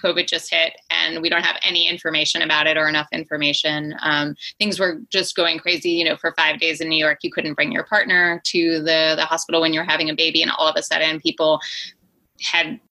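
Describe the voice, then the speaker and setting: Bright, energetic woman founder. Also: low-pitched, poor audio. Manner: enthusiastic, quick, fillers and restarts. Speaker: guest, company founder. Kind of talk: conversational interview.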